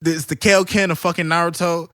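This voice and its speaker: Young guy hyping up an anime fight, cussing a lot, kinda high voice, dry mic. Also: a little fast, no room sound, soft background music. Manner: excited storytelling, heavy swearing and slang. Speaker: podcast co-host. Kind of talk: casual chat.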